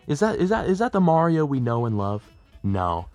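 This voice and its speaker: Young man chatting in a lively tutorial. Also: a little high, moderate pace, no echo, faint music behind. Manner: chatty, rambling, self-deprecating. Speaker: plush video creator. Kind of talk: casual tutorial vlog. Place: bedroom at home.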